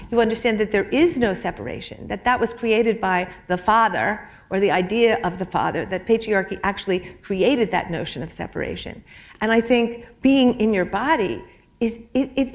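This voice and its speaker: Brief: middle-aged woman author, halting speech with restarts, reads aloud from her own memoir on stage. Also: mid-range voice. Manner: halting, repeats words when speaking freely. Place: public library stage.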